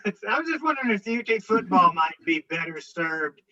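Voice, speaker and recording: A man's voice: sits high, very animated, moderate pace, bright, forceful tone. A man moderating a group video call, joking and introducing each guest in turn. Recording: dull video call audio.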